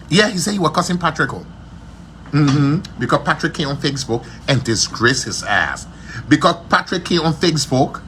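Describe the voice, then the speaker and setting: A man hosts a gossip livestream from his shop. His voice sits high and swings widely as he repeats himself in a scornful tone, and a faint ambient hum runs underneath. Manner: animated, repetitive and scornful. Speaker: livestream host.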